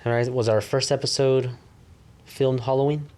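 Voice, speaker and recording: A man's voice: medium pitch, steady tone, moderate pace, a little mellow. Rambling male podcast co-host. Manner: rambling, heavy use of "like", swears casually. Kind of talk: casual chat.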